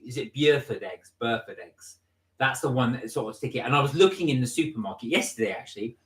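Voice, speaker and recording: A man's voice: medium pitch, expressive, fast talker, a bit bright, echoey room, recorded from a distance. A man co-hosting a casual live-stream vlog, chatty and rambling as he reads comments and tells stories. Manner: chatty, rambling, with laughs and retold anecdotes. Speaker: vlog co-host.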